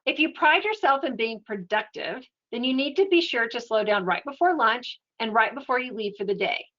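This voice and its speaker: A woman giving an educational webinar talk in a steady, explanatory, conversational way. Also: a little high, normal speed, dull audio. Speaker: webinar presenter.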